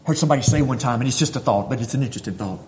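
A man's voice: medium pitch, very fast, darkish tone, a little hiss or hum. A man preaching a sermon to a congregation, driving his points home with repeated rhetorical questions. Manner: rhetorical questions, emphatic repetition. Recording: dull lo-fi audio with long reverb.

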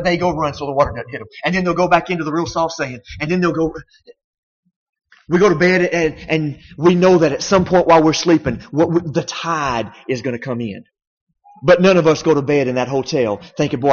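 A male pastor preaches with conversational emphasis, drawing his listeners in with rhetorical questions. His voice is a touch high for a man. A long reverb from the sanctuary trails behind every phrase, and the sound is slightly dull. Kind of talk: sermon.

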